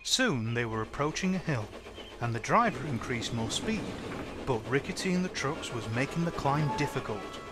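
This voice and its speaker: Lively male storybook narrator. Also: medium pitch, moderate pace, background noise. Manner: lively storytelling, voices every character himself. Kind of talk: storybook narration of a fan-made train tale. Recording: music playing under the voice.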